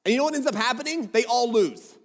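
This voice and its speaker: A man's voice: extremely high pitch, lively intonation, fast. A man preaching a sermon, reading scripture aloud and breaking off into jokey, casual asides. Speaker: pastor. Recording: long hall reverb.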